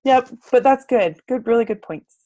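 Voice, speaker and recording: A woman's voice: on the high side, expressive, normal speed, dark tone, no room sound, highs cut off. A woman taking part in a group video call, speaking thoughtfully and a bit hesitantly, with fillers. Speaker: group participant.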